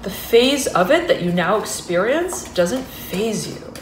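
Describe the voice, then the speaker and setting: A woman's voice: mid-range voice, sing-song, unhurried, noisy background. Rambling woman tarot reader in an echoey room. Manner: rambling, hesitant, full of fillers and restarts; laughs often and gets giddy. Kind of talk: intuitive tarot reading.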